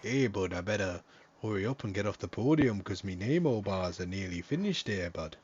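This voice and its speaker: A man's voice: on the low side, lively intonation, normal speed, lo-fi sound, slight background noise, natural voice. A man putting on a Canadian accent to play a jokey, bantering Canadian guy. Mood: joking. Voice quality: loud, bantering.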